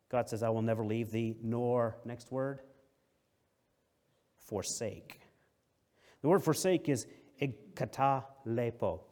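A middle-aged man preaching a sermon, explaining a verse word by word. He stresses and repeats key phrases, and his voice swings between loud and soft. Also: mid-range voice.

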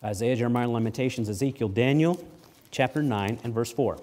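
A middle-aged man preaching a sermon, reading scripture aloud with swelling emphasis and dropping low for asides. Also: brisk, a little mellow. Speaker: pastor.

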